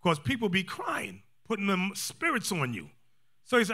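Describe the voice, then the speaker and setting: A man teaching a scripture class in a lively, joking sermon style, acting out quotes. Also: sits high, normal speed. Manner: animated, joking, acts out quotes, calls for readings.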